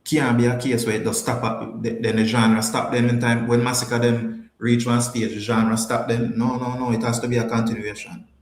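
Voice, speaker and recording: A man's voice: mid-range voice, little pitch movement, normal speed, few pauses, reverberant. A man with a Jamaican accent hosting a podcast, chatting casually with viewers and repeating his points for emphasis. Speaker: podcast host. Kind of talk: casual livestream chat, answering viewers.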